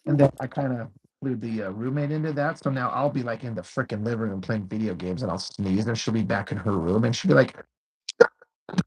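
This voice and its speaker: A man's voice: lowish voice, fast, a little mellow, husky, poor audio. A man co-hosting a casual chat, laid-back and swearing freely as he tells stories. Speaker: co-host.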